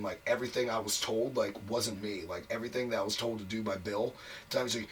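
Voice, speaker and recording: A man's voice: on the low side, fairly even intonation, a little fast, recorded from a distance. A man telling a long career story as an interview guest, frank and profane, packing his talk with "like" fillers. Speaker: wrestler guest. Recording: voice a bit off mic, faint noise.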